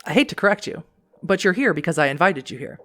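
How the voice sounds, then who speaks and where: A man's voice: fairly high pitch, animated, fast, a bit bright. A man doing a grandiose, mocking vampire prince. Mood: scolding. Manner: theatrical, overbearing, teasing.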